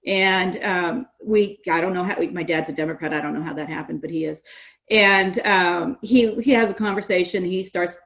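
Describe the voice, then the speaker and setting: A middle-aged woman from California, a guest on a podcast, talking in a lively, story-driven conversational way. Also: lowish voice, moderate pace. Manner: animated storyteller, quotes others in lively voices. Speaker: guest, gas industry association representative.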